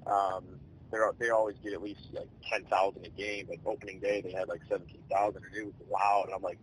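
A man in his twenties, a baseball player, telling his story in a relaxed, rambling way with many fillers. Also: on the low side, fairly quick, slight background noise, poor audio. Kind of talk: casual storytelling interview.

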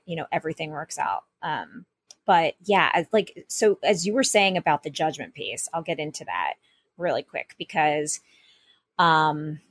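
A woman's voice: lowish voice, no echo. A woman co-hosting a casual podcast, telling a rambling story with many restarts and asides. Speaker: podcast co-host.

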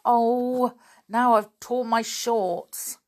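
A woman's voice: on the high side, fairly even intonation, extremely slow, voice pushed up. A woman reading the part of a keen, clumsy schoolboy who speaks eagerly.

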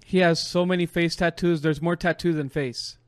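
A young man, a podcast co-host, telling a long rambling story in casual chat. He laughs often and drops his voice low to quote others. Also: fairly even intonation, normal speed, clear, resonant tone, dry recording.

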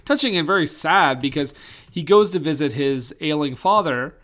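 Wry young man with a higher voice. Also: animated, normal speed, fairly bright tone. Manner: wry, joking asides. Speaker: podcast co-host. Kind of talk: casual film discussion.

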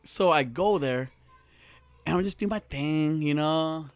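A man's voice: a little high, a little slow, smooth, no room sound. A young man telling stories in a casual chat, slangy and profane, laughing often.

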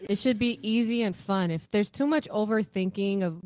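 A woman chatting casually on a podcast, telling dating stories with lively acted-out quotes. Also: medium pitch, normal speed, no room sound. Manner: animated storyteller, acts out quotes.

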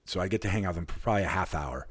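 Man, from Alaska, fairly low voice, casual rambling storytelling, excited. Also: rapid-fire, slightly rough. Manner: excited, rambling anecdote with lively quoted voices. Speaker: podcast guest.

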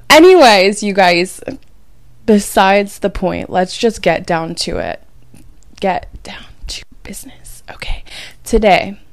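A young adult woman hosting a casual podcast as a dating coach, chatty, emphatic and confiding, sounding low and drained after a night of crying. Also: no room sound. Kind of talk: casual chat.

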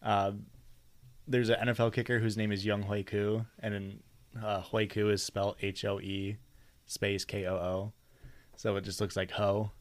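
A man with a fairly low voice chatting loosely as a podcast co-host. He swears freely, drifts into rambling asides and laughs easily. The banter stays casual and unpolished. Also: flat delivery, normal speed.

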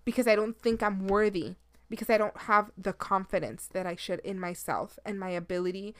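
A woman's voice: medium pitch, normal speed, fairly bright tone, clear, resonant tone. A woman in her thirties hosting a casual solo podcast, talking candidly and swearing freely, slipping into the odd Spanish phrase, a little sleepy. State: sleepy, yawning. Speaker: podcast host.

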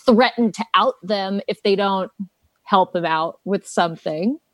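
A woman's voice: medium pitch, unhurried, a bit bright, no echo. A woman actress chatting as an interview guest, playful and laughing often. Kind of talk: casual interview chat.

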